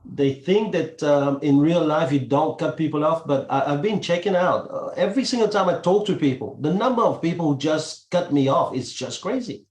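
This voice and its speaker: Male host, slightly high voice, chatty, echoey room. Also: lively intonation, normal speed, hardly any pauses, a little mellow. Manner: chatty, laughing, loose restarts. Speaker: podcast host. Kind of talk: casual chat.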